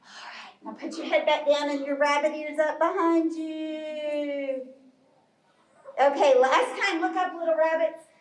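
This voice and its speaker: A woman's voice: sits high, steady tone, a little slow. A woman leading a children's yoga storytime class in a library, cheery and encouraging with small children. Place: library room. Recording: echoey room from far off.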